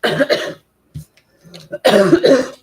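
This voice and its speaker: A woman's voice: drawn-out words, a little hiss or hum, poor audio. A woman tarot reader on a live stream, talking straight to her viewers and tearful with grief. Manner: emotional, talks directly to viewers. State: tearful, grieving.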